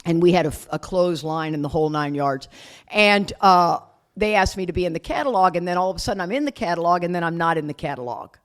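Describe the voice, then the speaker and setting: A woman's voice: fairly low pitch, fast talker. A woman speaking at a recovery retreat, telling her story candidly with some swearing. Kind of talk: recovery meeting talk. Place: retreat meeting room.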